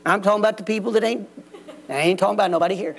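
A man's voice: high voice, racing, creaky, slight background noise. A man preaching a folksy, plain-spoken sermon in a church. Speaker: pastor. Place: church sanctuary.

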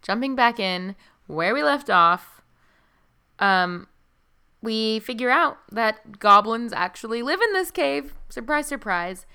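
Bright, chatty woman podcaster. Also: a little high, animated, takes it slowly, smooth. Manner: chatty, giggly, lots of fillers. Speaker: podcast co-host. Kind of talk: casual book discussion chat.

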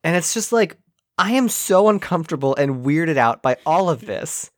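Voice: mid-range voice, expressive, normal speed, dry recording, studio quality. A podcast co-host recapping a movie in casual chat, sarcastic and profane, acting out the scenes.

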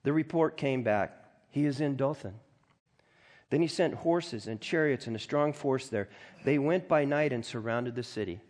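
Animated, throat-clearing male pastor. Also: medium pitch, moderate pace. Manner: reads scripture aloud and comments in a conversational, animated way. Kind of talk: sermon.

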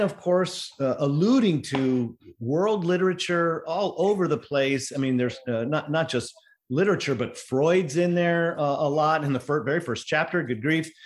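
A middle-aged man speaking at a panel discussion, digressive and lively, full of fillers and restarts, rising sharply when he exclaims. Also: mid-range voice. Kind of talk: animated panel talk.

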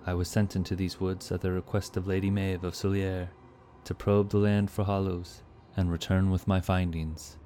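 A man voicing a wounded male bodyguard who reports in a measured, earnest way. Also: sits low, little pitch movement, warm tone, slight background noise, close to an everyday voice. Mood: weary.

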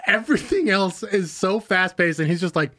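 A man's voice: sits high, normal speed, pushed and bright, no echo. A man in casual movie chat on a podcast, joking and spinning theories. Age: adult son of a grandmother. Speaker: podcast co-host.

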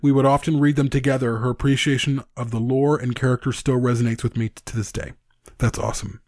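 A man's voice: medium pitch, steady tone, quick pace, a little mellow, dry recording, clean studio sound. A man co-hosting a casual podcast, chatting and reading listener stories aloud. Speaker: podcast co-host. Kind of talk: casual fan podcast chat.

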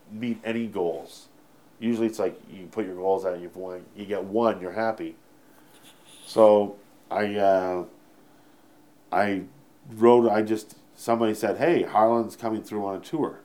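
A Canadian stand-up comedian telling a story in an interview, rambling, swearing freely and correcting himself mid-sentence. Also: male voice, sits low, warm tone.

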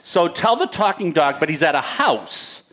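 Man, podcast host, lively voice, steering the chat. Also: a little high, normal speed.

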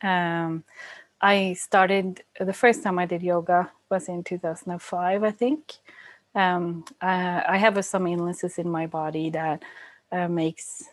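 A woman's voice: lowish voice, little pitch movement, a little slow, dry recording. A Norwegian-accented woman from Norway, a yoga teacher answering interview questions in a hesitant way with frequent ums and uhs. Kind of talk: casual interview.

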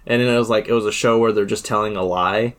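A man's voice: lowish voice, steady tone, fast talker, a bit bright. A man co-hosting a casual podcast, chatty and self-deprecating, laughing often. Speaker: podcast co-host.

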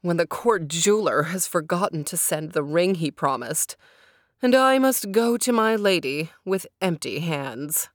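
A woman reading a storybook, voicing a gloomy, frowning young lord with a slow, sulky delivery. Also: fairly low pitch, lively intonation, no room sound, clean studio sound.

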